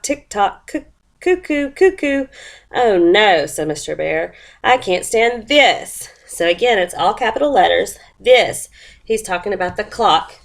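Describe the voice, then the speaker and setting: A woman with a drawl explains her lesson plan in a plain, classroom way. She has a cold and sniffles as she talks. When she reads the story she slows down and puts on voices and sound effects for the characters. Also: medium pitch, creaky. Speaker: teacher presenting a lesson plan. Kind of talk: explaining a lesson and reading a picture book aloud.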